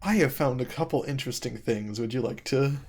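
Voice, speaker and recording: A man with a medium-pitched, slightly mellow voice speaks briskly while playing a video game. The game streamer thinks aloud casually and reads in-game text to a friend.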